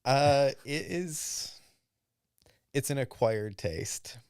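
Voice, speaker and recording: A man's voice: mid-range voice, lively intonation, drawn-out words, a little mellow, clean tone, dry recording, studio quality. A middle-aged man with a hybrid American accent carrying slight Australian and Southern traces, talking casually as a guest, rambling with lots of ums and small chuckles. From Michigan, USA. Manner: rambling, filler-heavy, chuckles often. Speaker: guest, business owner. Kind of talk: casual interview chat.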